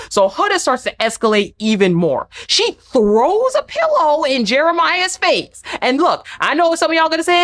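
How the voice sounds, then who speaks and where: A woman's voice: a little high, normal speed, few pauses. A woman giving a casual, emphatic recap of a reality show episode, acting out the people she quotes. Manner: animated, emphatic, acts out quotes. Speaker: recap vlogger.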